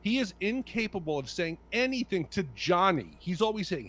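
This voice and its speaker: Animated, fired-up man on a podcast. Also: high voice, moderate pace. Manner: passionate, blunt, swears. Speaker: podcast co-host. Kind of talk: casual movie podcast chat.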